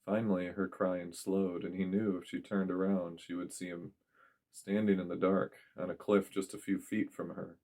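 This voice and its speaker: Storyteller: a man with a very low voice who reads scripted narration at a steady pace. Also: normal speed.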